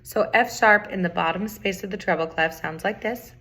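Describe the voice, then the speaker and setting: A woman's voice: mid-range voice, normal speed, fairly bright tone. A middle-aged woman teaching a recorder lesson, patiently repeating key points and chanting rhythms aloud. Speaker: music teacher. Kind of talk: recorder tutorial.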